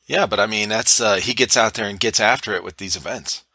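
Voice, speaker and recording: A podcast host keeps things loose, reacting quickly with short affirmations and plenty of dude and bro. His voice has a very bright, sharp edge to it. He sounds relaxed and easygoing throughout. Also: lowish voice, breathy edge. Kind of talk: casual chat.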